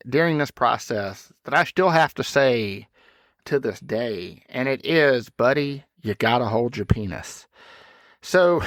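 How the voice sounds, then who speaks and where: A man's voice: medium pitch, a bit bright, no room sound. A man in his thirties talks through his parenting stories in a loose, chatty way, often chuckling at his own mishaps. His voice sits in an ordinary middle register. The sound is close and dry, with no room around it. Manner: chatty, self-deprecating, laughs at own stories. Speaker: podcast host. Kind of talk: casual storytelling monologue.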